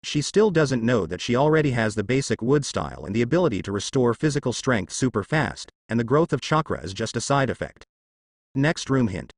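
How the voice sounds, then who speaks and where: A man narrating a story in an even reading with stilted phrasing. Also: mid-range voice, no room sound, studio quality.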